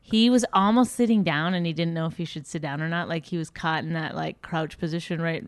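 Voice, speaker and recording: A middle-aged woman comedian co-hosting a casual chat, telling stories with animation and leaping into a high voice when she quotes people. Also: a little fast, dry recording. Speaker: podcast co-host and comedian.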